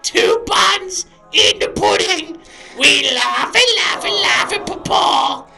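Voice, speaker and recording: A woman in an improv comedy scene voicing a mischievous little girl who whines and shouts about her papa. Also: expressive, takes it slowly, gravelly, soft background music, exaggerated voice. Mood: gleeful. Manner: whiny, shrill, shouting childish complaints.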